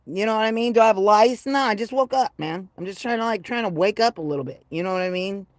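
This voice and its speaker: A woman in her fifties chatting casually on a livestream, brash and profane, rambling from low mutters to loud excited bursts. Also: fast talker, no echo. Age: 50s. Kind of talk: casual livestream chat with viewers.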